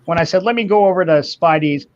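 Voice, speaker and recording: A man's voice: sits high, fast, a little mellow. Profane ranting man in his fifties. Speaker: livestream host. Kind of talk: casual chat. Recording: slightly muffled stream audio.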